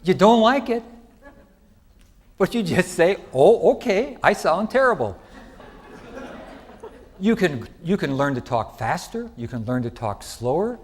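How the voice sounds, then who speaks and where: Lively middle-aged male lecturer. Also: fairly high pitch, unhurried. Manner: lively, chatty, asks the audience questions. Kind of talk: conference lecture. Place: lecture hall.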